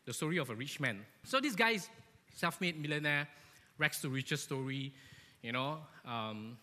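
A man giving a lively, joking sermon to a church, animated and often asking his listeners "right?", in an echoey church hall. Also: fairly high pitch, moderate pace. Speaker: church speaker.

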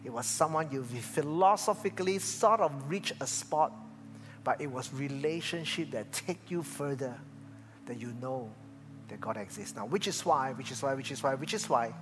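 An older man, a pastor, preaching a sermon and telling stories, swinging from loud to hushed. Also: medium pitch, expressive, moderate pace. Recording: reverberant church hall with faint music.

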